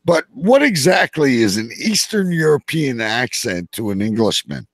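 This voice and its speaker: A man's voice: medium pitch, big pitch swings, normal speed, dry recording. A man from Canada co-hosting a casual podcast chat, teasing and swearing freely. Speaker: podcast co-host.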